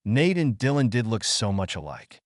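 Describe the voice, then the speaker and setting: A man narrating an audiobook with expressive storytelling. His voice is low and moves a lot in pitch. The recording is close and dry. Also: normal speed, dry recording.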